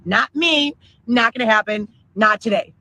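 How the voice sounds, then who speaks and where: A woman telling a long profane story in an excitable livestream rant. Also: a little high, moderate pace, rough recording. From Chicago area, Illinois. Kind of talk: ranting livestream monologue.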